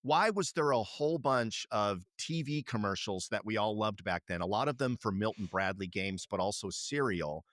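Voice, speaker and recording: A man's voice: lowish voice, normal speed, few pauses, dry recording, studio quality. A middle-aged man co-hosting a podcast, chatting casually and animatedly, swearing now and then. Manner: animated, swears casually, slips into kid-commercial impressions. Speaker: podcast co-host. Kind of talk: casual chat.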